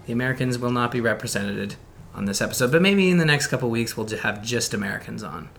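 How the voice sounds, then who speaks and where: A man's voice: mid-range voice, quick pace, vocal fry, fairly bright tone, soft background music. A man from Canada hosting a podcast, bantering and teasing his guest in casual chat. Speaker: podcast host.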